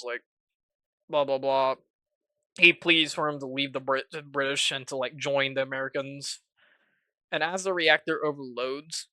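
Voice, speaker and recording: A man talks through a casual video-essay recap with a bright, forceful voice, rambling and cracking jokes. He fills his sentences with filler words. The sound is dry and close. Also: medium pitch, dry recording. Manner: rambling, jokey, heavy use of filler words. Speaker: student.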